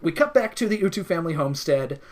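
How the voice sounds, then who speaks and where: A woman's voice: fairly low pitch, lively intonation, fast talker. A woman co-hosting a podcast, recapping a cartoon episode in a dry, sarcastic way and swearing freely. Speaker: podcast co-host. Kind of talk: casual chat recapping a cartoon.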